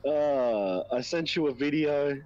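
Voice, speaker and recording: A man's voice: on the high side, takes it slowly, a crowd in the background. A man co-hosting a casual political chat show, laid-back and agreeable. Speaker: co-host. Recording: dull lo-fi mic.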